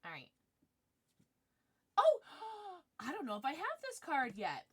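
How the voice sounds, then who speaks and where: A woman streamer chatting casually with viewers as she opens trading cards, excitable and quick to gasp and squeal. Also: high-pitched. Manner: excitable, gasping and squealing at pulls. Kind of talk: livestream chat while opening trading cards.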